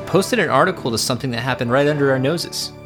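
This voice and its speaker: A man's voice: medium pitch, fast, over music. A man co-hosting a podcast, telling a story in a rambling, casual way with restarts and laughs. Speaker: podcast co-host.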